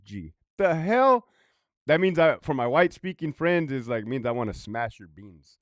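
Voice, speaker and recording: A man's voice: medium pitch, big pitch swings, a little slow, dry recording, clean studio sound. A man who is a former prison guard, ranting profanely in a casual vlog, rambling and often laughing.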